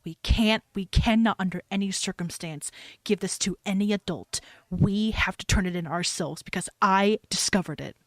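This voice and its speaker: A woman playing a tabletop role-playing game, excitable and quick to shout. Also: medium pitch, no echo. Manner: excitable, laughing, loud outbursts. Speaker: player. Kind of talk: in-character tabletop play.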